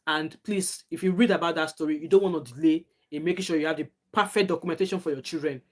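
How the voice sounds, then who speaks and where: A woman's voice: low voice, fast talker. A middle-aged woman with a Nigerian accent, chatting casually on a live stream, answering viewer comments and giving earnest advice. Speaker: live-stream host, nurse.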